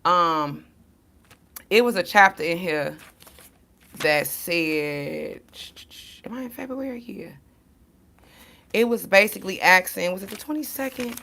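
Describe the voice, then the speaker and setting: Woman, spiritual card reader, casual livestream, blunt, cussing, preachy, sharp tone. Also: lowish voice, a little slow, creaky, long pauses, a little hiss or hum. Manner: animated storytelling to viewers.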